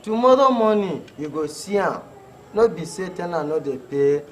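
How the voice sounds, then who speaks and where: A man's voice: high-pitched, expressive, normal speed, a little hiss or hum. A man with a Hausa-accented Pidgin playing a blunt, outspoken landlord in a comedy film. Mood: insistent. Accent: Hausa-accented Nigerian Pidgin. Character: plain-spoken Hausa male landlord, outspoken.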